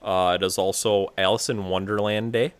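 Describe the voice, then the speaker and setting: Low-voiced male co-host with dry wisecracks. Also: steady tone, normal speed, smooth, no echo. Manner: dry wisecracks, short replies. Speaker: podcast co-host. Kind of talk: casual podcast chat.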